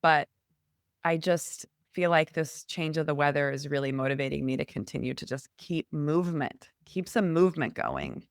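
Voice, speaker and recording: A woman's voice: deep voice, lively intonation, moderate pace, no echo, clean studio sound. A middle-aged woman co-hosting a podcast, chatting in an upbeat way. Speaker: podcast co-host. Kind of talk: casual chat.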